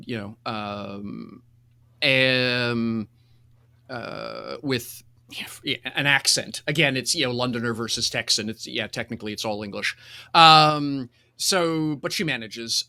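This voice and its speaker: A man acting as game master in a casual online tabletop session, rambling and restarting often, quick to laugh. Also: medium pitch, sharp tone, clean tone. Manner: rambling, self-interrupting, laughs easily.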